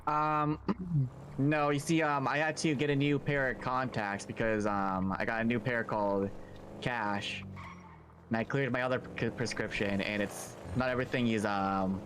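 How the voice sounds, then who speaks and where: A man in character as a police officer in a role-play, talking in a hesitant, halting way. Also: medium pitch, fairly even intonation. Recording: clear vehicle noise behind.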